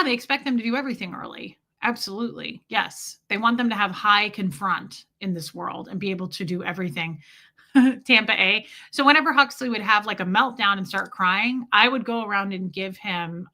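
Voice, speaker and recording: A woman's voice: medium pitch, bright, forceful tone. A woman in her forties chatting casually on a livestream, frankly telling stories and answering viewer comments. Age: 40s. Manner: frank, blunt storytelling with quoted voices. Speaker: live streamer.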